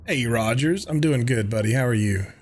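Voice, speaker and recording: A man's voice: medium pitch, moderate pace, a little hiss or hum. Laid-back man chatting on a game stream. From New York. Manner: relaxed, chatty, reads chat aloud, swears offhandedly. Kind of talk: casual live-stream chat while gaming.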